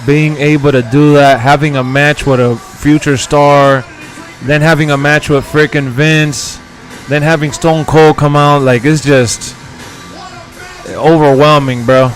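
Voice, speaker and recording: A man hosting a live-stream watch party, reacting in an excitable, profane way and calling his viewers bro and dog. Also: a little high, a little slow, soft background music, low-quality recording. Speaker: streamer host.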